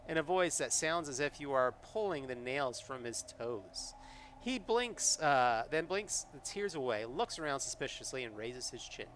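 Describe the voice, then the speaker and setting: A man's voice: mid-range voice, lively intonation, normal speed, a bit bright, a little hiss or hum. Rambling man streaming a solo game. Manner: rambling, many fillers and restarts. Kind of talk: live solo tabletop game, narrating and chatting.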